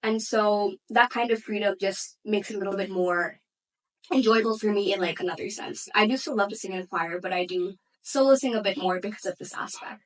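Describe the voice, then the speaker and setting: A woman's voice: medium pitch, brisk, recorded from a distance, rough recording. Young woman singer speaking a bit off-mic. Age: young adult. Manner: thoughtful, many "like" and "you know" fillers. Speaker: interviewee, opera singer and student. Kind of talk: casual interview answers.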